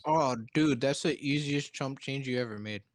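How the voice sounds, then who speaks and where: A man's voice: mid-range voice, normal speed, background noise. A man playing a tabletop game, cutting in with slangy jokes. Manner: joking, slangy interjections. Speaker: player. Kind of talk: casual tabletop game chat.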